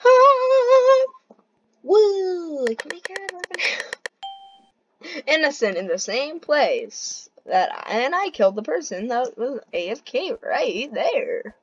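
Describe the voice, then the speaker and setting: Young woman, gameplay commentary, excitable, giggly, lively bouncing pitch, slow easy delivery. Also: muffled recording, a little hiss or hum. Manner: excitable, giggly, jumps from panic to glee.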